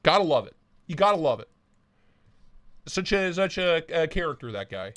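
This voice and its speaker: A man runs a casual live stream from his home office, talking into a desk mic with a lively, swinging pitch. He rambles, swears and jokes, greets chatters one by one, and sounds a bit short of breath. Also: normal speed. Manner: crude, joking, rambling, greets chatters by name. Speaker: livestream host. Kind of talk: casual live chat reading viewer comments.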